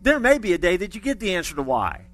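High bright guy preaching, chatty sermon w/ jokes and restarts. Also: very animated, quick pace. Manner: conversational preaching, with humorous asides and repeated restarts. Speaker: pastor. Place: church.

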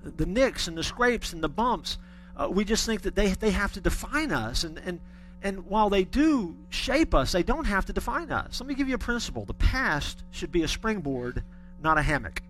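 A man's voice: high-pitched, very animated, moderate pace, a bit bright. A middle-aged man preaching a sermon, telling stories with folksy humor. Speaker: pastor.

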